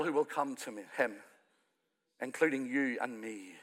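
A man from Ireland, the pastor of the church, preaching a sermon that swells loud in places and then falls to a quiet, intimate tone. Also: medium pitch, normal speed, long pauses. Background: soft music from the church band.

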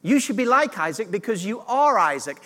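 A man's voice: high-pitched, big pitch swings, normal speed, bright, forceful tone, big-room sound. A man preaching a sermon as pastor, earnest and direct, drawing the congregation into call-and-response.

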